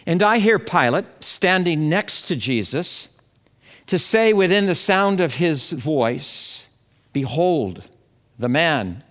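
A man preaching a Good Friday sermon in a slow, measured, reflective way. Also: high-pitched, lively intonation, a bit bright. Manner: slow, measured and reflective, acting out quoted voices. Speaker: pastor.

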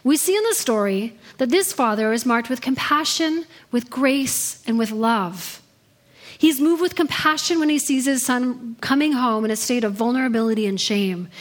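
A woman's voice: a little high, moderate pace. A woman preaching a sermon in her thirties, telling stories in an earnest way. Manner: earnest storytelling delivery.

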